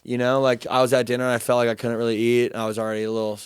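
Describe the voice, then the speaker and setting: A young man telling a story in a casual chat, animated, profane and self-deprecating. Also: mid-range voice, rapid-fire, clean tone, no echo, clean studio sound.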